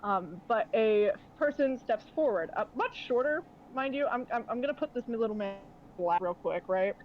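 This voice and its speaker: Young woman game master, rambling, filler-heavy, higher voice, dull lo-fi sound. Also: lively intonation, moderate pace, noisy background. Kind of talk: narrating a tabletop game. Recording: dull lo-fi audio.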